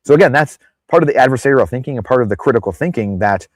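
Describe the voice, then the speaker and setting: A man's voice: medium pitch, expressive, racing, no room sound. A man speaking as a podcast guest in casual interview talk, rambling off on tangents and acting out the people he quotes. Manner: acts out quoted people in exaggerated voices.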